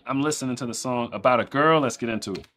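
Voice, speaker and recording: A man giving casual, rambling reaction commentary on a song, talking it through as he listens. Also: fast. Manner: chatty, rambling, animated pitch jumps. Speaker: music reaction streamer.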